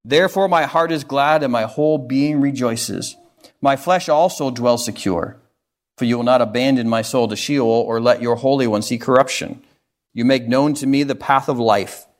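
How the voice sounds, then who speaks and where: Male pastor, mid pitch, earnest emphatic sermon delivery. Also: normal speed.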